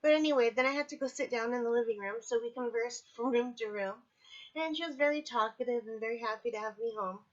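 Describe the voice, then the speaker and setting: A woman's voice: a little high, quick pace, highs cut off. A woman casually talking through a personal video diary at home, candid and chatty, still sore from surgery. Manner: chatty, candid, apologetic asides. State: recovering from surgery, in pain. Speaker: vlogger. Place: at home, indoors.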